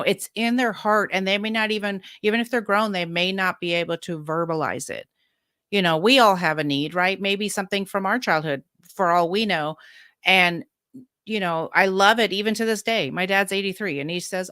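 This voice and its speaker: A woman's voice: fairly low pitch, pushed and bright, no room sound, studio quality. A woman in her fifties, a podcast guest telling her personal story candidly, frank and emphatic, laughing between points.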